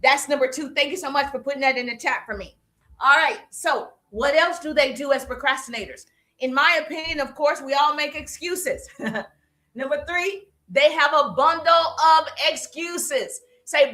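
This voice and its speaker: A high-pitched woman with a Southern accent coaches her live-stream audience, pushing them with repeated punchy phrases. Her voice is bright and forceful, and she talks straight to the viewers like a hype coach. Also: moderate pace. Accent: Southern American. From American South. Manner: energetic, exhorting, repeats phrases, addresses viewers directly. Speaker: business coach. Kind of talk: live-stream motivational talk.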